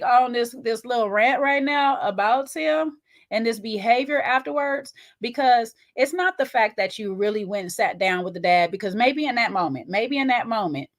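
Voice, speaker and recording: A woman on her own show, recapping reality TV in a loose, slangy rant. Her pitch leaps up and drops low as she works through her opinions. She talks straight to her viewers in an easy, conversational way. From not Jamaican, Belizean family ties. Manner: animated, ranting, conversational with slang. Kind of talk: casual reality-show commentary.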